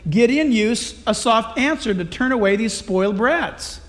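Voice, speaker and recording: A man preaching a sermon, animated and dramatic as he retells a Bible story and acts out its characters. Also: high-pitched, measured pace. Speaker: pastor.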